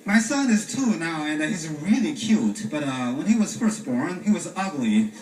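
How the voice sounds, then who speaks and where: A man from China with a Chinese accent, doing a stand-up comedy set in a deadpan way with frequent "uh" pauses. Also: on the high side. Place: comedy stage before a live audience. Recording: echoey stage from far off with loud room noise.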